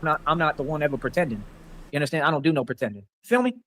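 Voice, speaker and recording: Talking very fast in a fairly high, slightly bright voice, a man from the Rio Grande Valley in Texas rants on a livestream. He's angry and confrontational, rambling and boasting, and keeps repeating filler phrases.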